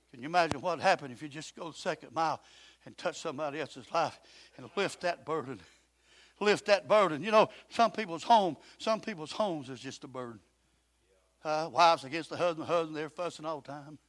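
High bright-voiced preacher telling stories. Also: male voice. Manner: folksy, swings from quiet talk to loud shouting. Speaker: pastor. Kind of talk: storytelling sermon. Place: church.

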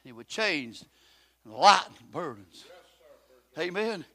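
Older preacher, high bright voice, impassioned, moves from quiet to shouting. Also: male voice, moderate pace, no echo. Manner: impassioned, swings from soft talk to shouting. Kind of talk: sermon.

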